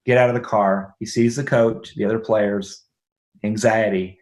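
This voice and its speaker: A man's voice: lowish voice, fairly even intonation, normal speed, a little mellow. A middle-aged man, a podcast guest, telling a personal story in conversation; he acts out the dialogue and laughs often.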